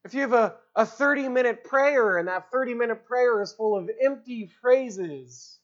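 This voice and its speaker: A woman's voice: fairly high pitch, normal speed, muffled recording. A woman preaching an expository sermon, stressing her points, asking rhetorical questions and repeating key phrases.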